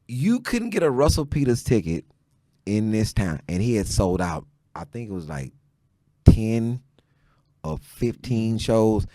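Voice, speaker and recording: A man from Houston, a stand-up comedian guesting on a podcast, telling stories in an animated way and building up to shouted punchlines. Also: on the low side, slow, long pauses, no echo, clean studio sound. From Houston, Texas. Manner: animated storyteller who rises into shouted punchlines. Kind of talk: casual chat, comic storytelling. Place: podcast studio.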